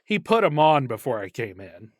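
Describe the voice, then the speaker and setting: A man's voice: mid-range voice, very animated, moderate pace, darkish tone, dry recording, clean studio sound. A man co-hosting a podcast, rambling through stories in a playful way and laughing often. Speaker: podcast co-host. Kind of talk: casual late-night chat.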